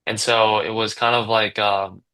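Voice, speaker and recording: Bright-voiced young man telling a story. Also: on the low side, flat delivery, measured pace, smooth, rough recording. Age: 20s. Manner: rambling, many fillers and restarts. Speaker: guest, business owner. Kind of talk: casual podcast storytelling.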